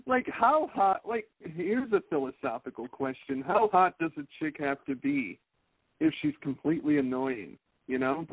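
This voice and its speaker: Animated man telling a story on a tinny line. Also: on the high side, moderate pace, slightly rough, no echo. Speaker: podcast co-host. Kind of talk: casual podcast chat. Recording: narrow phone-like sound, dry.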